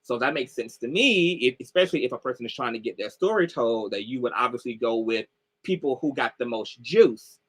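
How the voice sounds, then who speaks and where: A man's voice: mid-range voice, lively intonation, brisk, a bit bright, slightly rough. A man commentator casually recounting a story on a livestream call, talking loosely with lots of "like" and "y'all". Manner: loose, chatty, heavy on "like" and "y'all". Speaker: online commentator.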